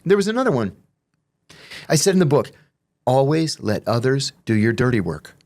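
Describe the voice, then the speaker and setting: A man, a guest on an interview show, telling profane stories in a casual, animated way. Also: medium pitch, normal speed. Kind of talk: casual storytelling.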